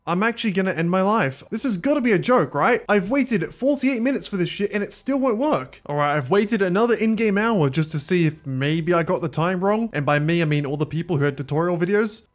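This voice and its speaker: A man's voice: high-pitched, animated, a little fast, few pauses. A man giving casual gameplay commentary, sarcastic and self-mocking, swearing freely as he talks to his viewers. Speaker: gaming YouTuber.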